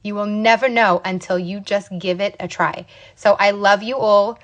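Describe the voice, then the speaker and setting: A woman's voice: medium pitch, steady tone, moderate pace. A young adult woman in sales, giving a fired-up, passionate motivational talk on a livestream. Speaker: direct sales rep.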